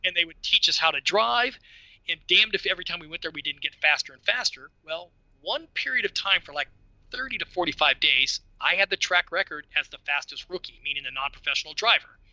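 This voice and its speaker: A middle-aged man with a strikingly bright, forceful voice tells casual stories, joking at his own expense. The sound is dry and close, but dull and lo-fi. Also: fairly high pitch, a little fast, no echo. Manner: lively, laughing, self-deprecating storyteller. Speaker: podcast guest. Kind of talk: casual storytelling.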